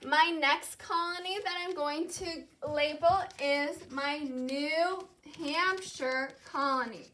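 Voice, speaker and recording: A young woman teaching a class, her voice high and bright. She talks slowly and clearly and repeats each key word so the students can echo it back. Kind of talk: classroom lesson with call-and-response.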